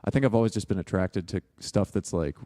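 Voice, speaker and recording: Young male film student guest, lower register, loose and rambly, quick to laugh. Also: mellow. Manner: rambling, heavy use of "like", laughs often. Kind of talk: casual interview chat.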